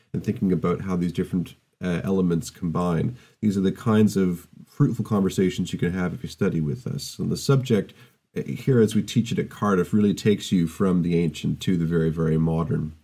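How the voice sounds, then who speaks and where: A middle-aged man gives a university open day talk in a deep, warm voice. He is measured and thoughtful, pausing with ums and restarting phrases as he explains his subject. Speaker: university lecturer. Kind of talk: recorded open day presentation.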